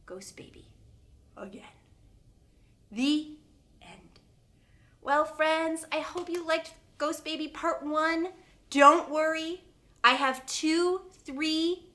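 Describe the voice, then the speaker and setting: A woman preschool teacher telling a story to young children, dramatic and animated, dropping into hushed whispers. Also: sits high.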